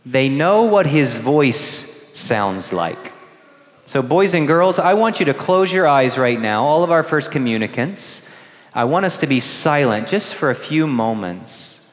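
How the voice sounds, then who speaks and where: A man preaching a gentle homily to first communicants, asking the children questions. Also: medium pitch, animated, unhurried. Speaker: priest. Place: large church. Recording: long church reverb.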